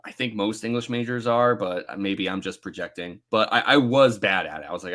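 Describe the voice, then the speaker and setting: A man in his thirties co-hosting a book club podcast, chatting casually, animated and self-mocking, swearing freely. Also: lowish voice, normal speed. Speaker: podcast co-host.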